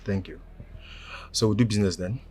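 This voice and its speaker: Man playing Nigerian boss, firm, threatening, deep voice, faint noise behind. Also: a little fast, mellow, close to an everyday voice. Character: menacing secretive boss hiring two men. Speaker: employer. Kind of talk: film acting.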